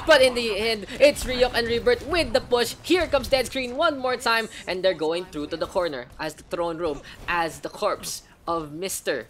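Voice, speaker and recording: A woman giving live play-by-play commentary on an esports match, shifting between excited calls and relaxed banter with her viewers. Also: medium pitch, normal speed, hardly any pauses. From Philippines. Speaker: esports caster.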